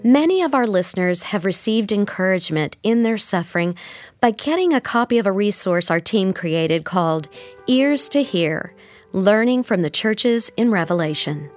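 A woman announcer reads a scripted podcast message at a middle pitch. Her delivery is smooth and warm, and faint music plays underneath.

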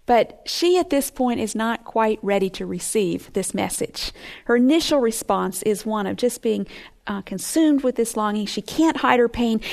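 A middle-aged woman giving earnest, expressive Bible teaching, sometimes dropping to a hush. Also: fairly high pitch.

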